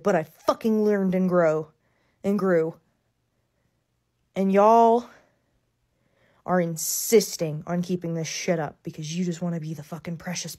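A woman's voice: fairly low pitch, darkish tone. A woman ranting angrily to camera, swearing constantly and furious. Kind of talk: angry rant to camera.

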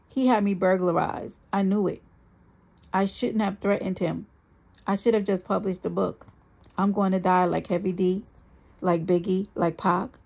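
Reading a dramatic story told in the first person, a woman speaks with a husky, creaky voice that is medium-pitched and a little mellow. She is earnest and emphatic, slowing down on the lines that matter most.

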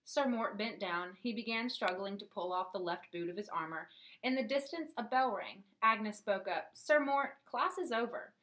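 A woman narrating a children's storybook in a lively, clear reading voice. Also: mid-range voice, normal speed. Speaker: audiobook narrator.

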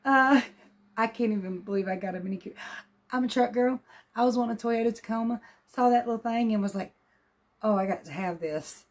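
A woman chatting casually to her phone camera as a vlogger, folksy and quick to laugh. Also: a little high, fairly even intonation. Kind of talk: casual vlog chat. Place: outdoors at a car lot, then at home.

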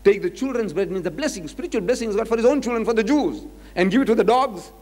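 A man giving a public lecture on scripture, emphatic, asking rhetorical questions and swinging between loud and quiet. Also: high voice, lively intonation, fast. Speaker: religious lecturer. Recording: reverberant lecture hall.

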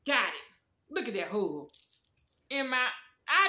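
A woman's voice: a little high, very animated, moderate pace, pauses often, pushed and bright. A woman casually reviewing snacks at home, chatting straight to her viewers with lots of slang. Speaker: food review vlogger. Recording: echoey room.

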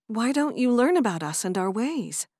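A woman's voice: fairly high pitch, sing-song, normal speed, darkish tone, slightly rough, dry recording, clean studio sound, heavily acted. A woman voicing a torn young Amish woman. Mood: earnest. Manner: hesitant, earnest.

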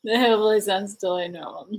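Giggly slow-talking woman livestream host. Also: medium pitch, rough recording. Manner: giggly, laughing constantly. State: slap-happy, tired. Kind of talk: casual livestream chat.

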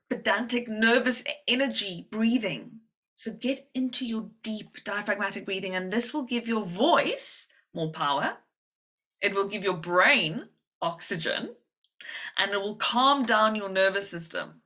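A bright-toned woman coaching an audience on public speaking. Her delivery is animated and demonstrative, swinging between loud and soft, high and low. She gives short, direct instructions in a presentation style. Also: a little slow, poor audio. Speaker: confidence coach. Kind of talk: presentation to medical professionals.

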